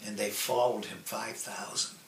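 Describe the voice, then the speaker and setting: A man preaching a sermon in a slow, earnest way, drawing out key phrases and letting line endings fall soft. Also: fairly low pitch, fairly even intonation. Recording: echoey room with faint ambient noise.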